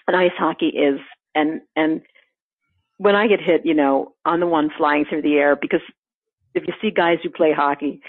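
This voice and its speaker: An American woman guest, a composer and conductor, telling lively stories and acting out the people she quotes. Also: deep voice, no echo. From United States. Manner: lively, laughing often, acts out quoted people. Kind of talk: animated storytelling in an interview. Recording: tinny phone-line sound, dry.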